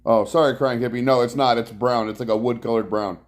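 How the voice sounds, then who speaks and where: A man hosts a casual couch-side live stream at home, his mid-range voice steady in tone and brisk. He greets viewers by name and rambles about his rides, speaking into a clip-on mic worn from bike riding.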